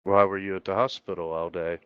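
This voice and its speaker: A man's voice: deep voice, level tone, a little fast, clear, resonant tone, no echo, highs cut off. A man running a tabletop game as game master over voice chat, laid-back and teasing.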